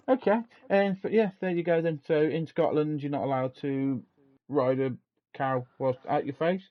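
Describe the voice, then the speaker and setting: A man's voice: fairly high pitch, fairly even intonation, measured pace, long pauses. Man, podcast co-host, rambling casual chat, muffled lo-fi audio. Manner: chatty, rambling, laughs often. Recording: dull lo-fi sound.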